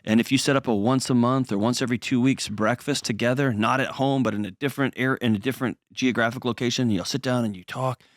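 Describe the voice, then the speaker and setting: A middle-aged man hosting an advice call-in show, talking calmly and earnestly. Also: mid-range voice, fast talker, few pauses, no room sound, studio quality. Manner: calm, earnest counseling. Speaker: host.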